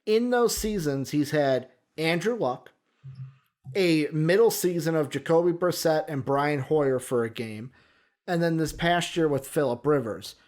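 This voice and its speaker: Rambling Chicago sports co-host, higher voice. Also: male voice, unhurried, darkish tone. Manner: rambling, thinking aloud with fillers. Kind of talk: casual sports chat.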